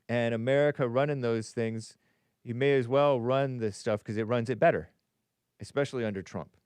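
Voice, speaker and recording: A man's voice: medium pitch, steady tone, normal speed, a little mellow, smooth, dry recording, clean studio sound. A man hosting a live call-in stream, musing aloud with frequent chuckles and reading viewer comments.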